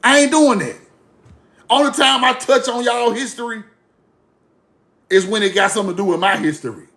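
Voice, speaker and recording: A man holds forth to his online audience in a high-pitched voice with a rough, gravelly edge. He is blunt and profane, mocks the people he is talking about, and circles back to the same lines again and again. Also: normal speed, bright, forceful tone. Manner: blunt, profane, mocking, repetitive. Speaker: online commentator. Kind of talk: casual rant to camera.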